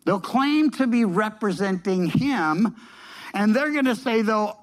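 An expressive, unhurried, high-sitting male voice preaches over poor audio. The pastor talks through scripture casually, restarting phrases often, relying on fillers, and hammering points through repetition.

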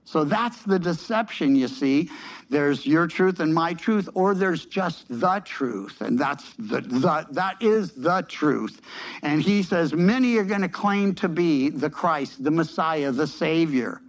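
A pastor preaches a sermon, explaining scripture conversationally with frequent restarts, filler words and emphatic repetition. His voice is a little high and animated, he speaks slowly, and the recording is rough.

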